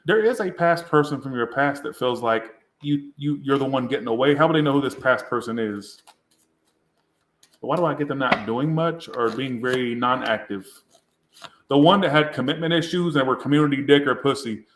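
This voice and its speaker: A man's voice: medium pitch, normal speed. Rambling, crude man reading tarot, roomy echo. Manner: rambling, crude and self-mocking. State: tipsy. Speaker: tarot reader.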